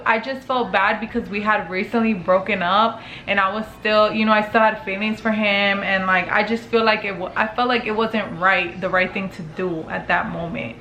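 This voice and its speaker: A young woman vlogger tells a personal story to camera in a casual, chatty way, packed with fillers, casual swearing, and acted-out quotes. Her mid-range voice sounds pushed and bright, and the room is echoey with faint ambience.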